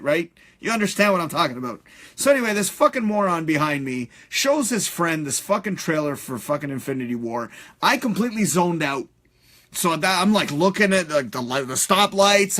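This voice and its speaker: A man hosting a live stream, ranting in a profane, animated way with many fillers. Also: on the high side. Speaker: host.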